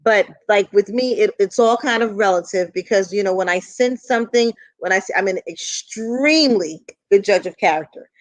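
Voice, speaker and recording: A woman's voice: medium pitch, moderate pace, few pauses, no room sound. A woman, a guest in a casual chat, talking agreeably with many "I mean" and "you know" fillers.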